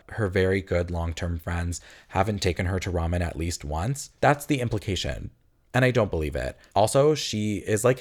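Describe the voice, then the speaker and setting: A man reviewing a video game in casual, chatty fashion, with a voice that sits on the low side. He is sarcastic and opinionated, and animated in his delivery.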